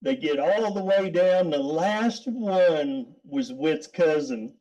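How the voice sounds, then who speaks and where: Dark-voiced middle-aged man telling stories. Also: a little high, lively intonation, takes it slowly, highs cut off. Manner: rambling, repeats words, laughs often. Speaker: guest. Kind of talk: casual storytelling.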